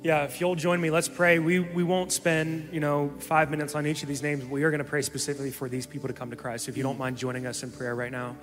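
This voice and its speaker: Fast-talking man leading a prayer. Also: on the high side, flat delivery, a bit bright. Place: church sanctuary. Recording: reverberant hall with music.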